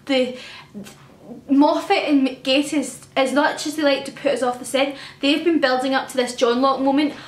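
Young woman, vlogger, gushing fan talk, highish voice, echoey room. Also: fairly even intonation, normal speed. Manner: gushing, emotional and effusive. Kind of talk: casual fan chat to camera.

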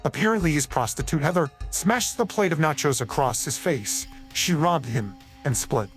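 A man's AI-cloned voice giving deadpan scripted storybook narration full of crude jokes. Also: on the high side, normal speed, music in the background.

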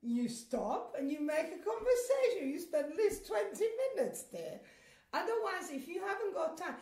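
A woman's voice: extremely high pitch, very animated, normal speed, a little mellow, roomy sound. A woman from Italy with an Italian accent, chatting casually and laughing, often quoting others in put-on voices. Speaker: comedian guest. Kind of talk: casual chat.

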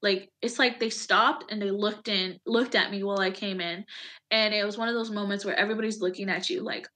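A woman's voice: mid-range voice, fairly even intonation, brisk, pushed and bright. A woman Army veteran in an interview, telling a painful personal story candidly, with many fillers. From United States.

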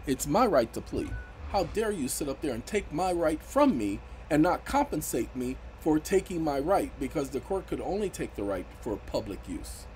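Male commentator, emphatic and lively, faint background noise. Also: fairly high pitch, normal speed, poor audio. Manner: emphatic, rises sharply when indignant. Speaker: legal commentator. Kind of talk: casual explanatory commentary.

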